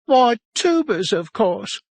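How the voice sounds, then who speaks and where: A man's voice: very high-pitched, big pitch swings, slow, no room sound, pitched above the performer's own voice, heavily acted. A man reading an audiobook, voicing a frightened, tearful lost boy in a raised, urgent voice. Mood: insistent. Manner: urgent, insistent.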